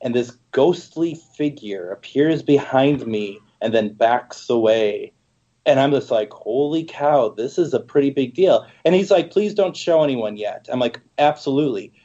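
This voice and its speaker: A man's voice: mid-range voice, animated, normal speed, mellow. A man co-hosting a podcast, telling an anecdote in a casual, hesitant way. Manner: hesitant, lots of uh fillers. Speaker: co-host. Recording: dull lo-fi audio.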